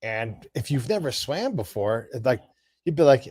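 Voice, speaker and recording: A man hosting a podcast, talking energetically with quick asides and restarts in a casual conversation. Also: medium pitch, big pitch swings, a little mellow, slightly rough, no echo, studio quality. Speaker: podcast host.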